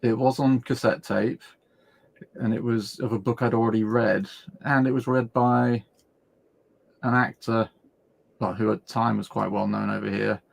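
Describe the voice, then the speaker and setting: A man's voice: lowish voice, steady tone, moderate pace, creaky, pauses often. An English man chatting casually on a live stream, joking and laughing often. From England. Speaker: writers group member. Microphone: remote call mic.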